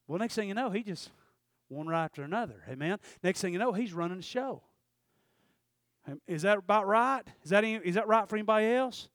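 A man's voice: high-pitched, lively intonation, fairly quick, dry recording, studio quality. A man preaching a sermon, folksy and fiery, often calling out "Amen?" to the congregation.

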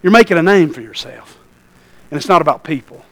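A middle-aged man preaching a sermon, telling lively stories and calling out "Amen?" to the congregation. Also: on the high side, fairly quick, creaky, rough recording. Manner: animated storytelling, calls out "Amen?" to the congregation. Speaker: pastor.

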